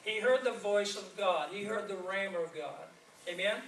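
A man's voice: sits high, moderate pace, slight background noise. A man preaching as an evangelist, telling stories and laughing through a sermon. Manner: storytelling preacher, lively and laughing. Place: church sanctuary. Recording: echoey church from a distance.

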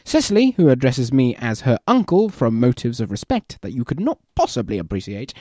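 A man's voice: mid-range voice, huge pitch swings, brisk, background noise. A man reading as an indignant young suitor.

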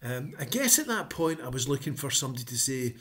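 A man speaks to camera in a relaxed vlog, warm and encouraging in tone. His pitch sits mid-range for a man, and he often pauses on an "um" before pressing on with upbeat enthusiasm. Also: a little hiss or hum. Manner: upbeat and encouraging, pausing with frequent ums. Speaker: motivational vlogger. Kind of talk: casual talk to camera.

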